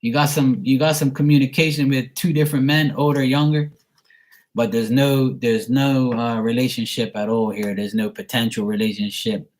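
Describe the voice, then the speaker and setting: A man's voice: mid-range voice, steady tone, normal speed, a little mellow. A man from Bermuda chatting casually as he answers viewer messages, rambling and laughing at himself. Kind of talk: casual live chat reading.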